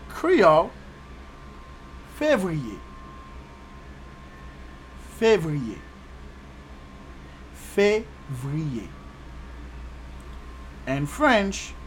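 Lively, slow-paced upbeat language teacher. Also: mid-range voice, slight background noise. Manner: upbeat, repeats words slowly for learners. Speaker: language teacher and channel host. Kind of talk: casual online language lesson.

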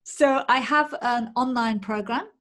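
A woman guest on a podcast, explaining her coaching programs in a steady, explanatory way. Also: a little high, a little slow. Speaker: menopause coach. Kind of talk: interview guest.

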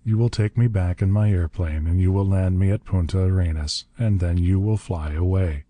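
A frail old ruler speaks with mild, benign calm that hides cold menace, as a man reads him in an audiobook. The voice sits very low and dark. The sound is close and dry. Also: moderate pace, no room sound, natural voice. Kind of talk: audiobook narration.

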